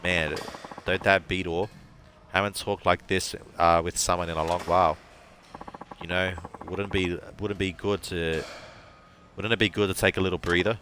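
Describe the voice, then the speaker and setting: A man's voice: low voice, little pitch movement, normal speed, pushed and bright, a little hiss or hum. A man reading aloud as a drunk, folksy, boastful middle-aged former ballplayer. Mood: boozy friendly.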